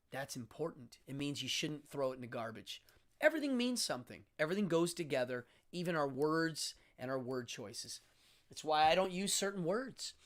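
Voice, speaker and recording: Slow, deliberate live-stream host in their fifties. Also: medium pitch, a bit bright. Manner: deliberate, careful enunciation with drawn-out emphasis; demonstrative, teacherly, acts out sounds. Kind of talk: casual solo live-stream monologue.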